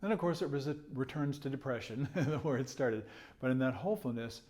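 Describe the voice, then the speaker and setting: A man at an ordinary pitch talks through a music lesson as a trumpet teacher. He explains patiently and sings rhythms aloud on nonsense syllables. He chuckles between points. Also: fairly quick, darkish tone.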